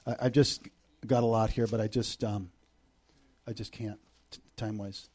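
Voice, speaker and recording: Guest-preaching to a church congregation, a middle-aged man gives an animated sermon that swings from loud bursts to hushed intimacy, with jokes on the side. His voice is on the low side and slightly rough, at a normal speed.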